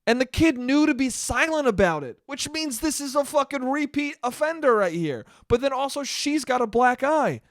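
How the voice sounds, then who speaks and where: A man's voice: very high voice, lively intonation, normal speed, few pauses, no echo, studio quality. A man hosting a solo podcast and telling a rambling story, cursing often and restarting his sentences. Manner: profane, rambling, with many restarts. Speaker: podcast host.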